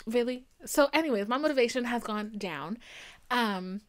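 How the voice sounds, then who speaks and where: A young woman hosting a podcast, telling stories in a casual, animated monologue that swings from low murmurs to excited bursts. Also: normal speed. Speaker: podcast host.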